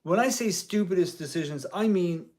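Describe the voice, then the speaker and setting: A man's voice: high-pitched, animated, normal speed, a little mellow. A man who teaches music part-time, talking in a rambling vlog commentary with many restarts and mild euphemistic cursing.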